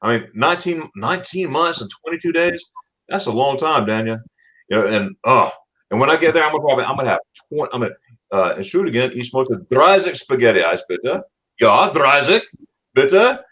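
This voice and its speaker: A man's voice: mid-range voice, big pitch swings, fairly quick, a bit bright, rough recording. Stammering man chatting on a live stream. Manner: stammering, repeats words, laughs often. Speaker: channel host. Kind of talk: casual live-stream chat.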